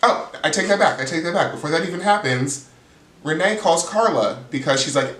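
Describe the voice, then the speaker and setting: A man's voice: on the high side, animated, fairly quick, a bit bright. A man hosting his channel, recapping a reality show in a chatty, gossipy way full of "like.". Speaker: reality TV reviewer, channel host. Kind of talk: casual recap chat. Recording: roomy sound, distant mic.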